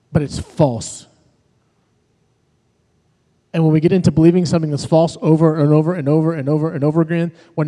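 A man's voice: fairly high pitch, mellow. A man, a pastor and worship leader, preaching a sermon in a conversational way, telling personal stories to his congregation. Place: church sanctuary. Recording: long reverb of a large hall.

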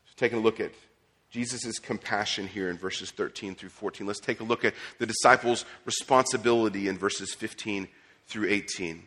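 A man's voice: fairly low pitch, steady tone, normal speed, a bit bright. A man preaching a sermon as pastor, conversational, with restarts and casual asides. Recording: long hall reverb.

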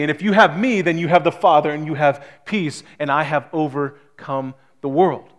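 A man's voice: fairly high pitch, fairly bright tone. A man preaching a sermon as pastor, emphatic, his intensity rising and falling as he builds each point. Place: small church hall.

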